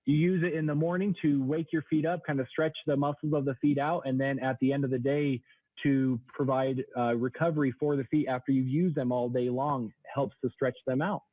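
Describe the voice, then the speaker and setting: A man's voice: fairly even intonation, a little fast, no room sound. 30s guy explaining foot supports, phone-line sound, pretty dry. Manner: explanatory, product-pitch delivery. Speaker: sales trainer. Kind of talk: radio interview guest.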